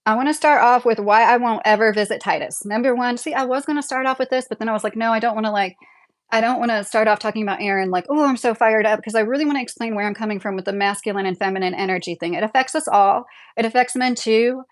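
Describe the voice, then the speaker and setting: A young woman with a fairly high voice talks quickly while livestreaming casually from her home, a double-wide trailer. She reads viewer comments aloud, chatty and opinionated, and laughs a lot.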